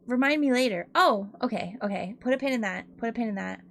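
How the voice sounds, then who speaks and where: A woman's voice: fairly high pitch, very animated, moderate pace, fairly bright tone, dry recording. A woman hosting a casual art livestream, chatting and giggling a lot and swearing freely. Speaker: Twitch art streamer.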